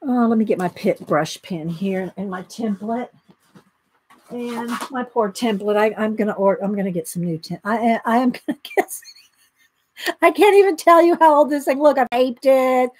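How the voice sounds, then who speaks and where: A woman's voice: a little high, moderate pace, a little hiss or hum, poor audio. A woman, chatting casually with viewers while she draws in her home art room. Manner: chatty, thinking aloud, talks to viewers. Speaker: artist livestreaming her work. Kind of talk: casual livestream chat while drawing.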